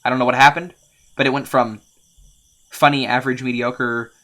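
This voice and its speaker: A man's voice: mid-range voice, flat delivery, moderate pace, a bit bright. A man giving casual, profane commentary on a game, rambling with frequent restarts. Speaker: game streamer.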